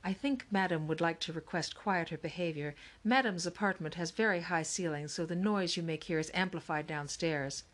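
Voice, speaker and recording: A woman's voice: on the low side, moderate pace, hardly any pauses, close to an everyday voice. A woman voicing a housekeeper who speaks formally and deferentially. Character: polite, formal female housekeeper.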